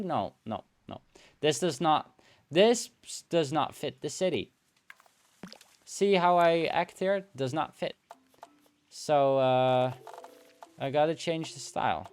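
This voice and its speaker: A man streaming a building game, musing aloud in relaxed commentary and filling pauses with hums and playful nonsense sounds. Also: mid-range voice. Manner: slow, musing talk to himself, hums and playful filler sounds.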